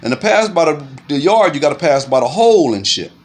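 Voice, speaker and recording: Fast-talking man telling a story. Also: on the high side. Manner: animated, profane street talk, keeps saying "you know what I'm saying"; makes punching sounds aloud. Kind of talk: casual storytelling to camera.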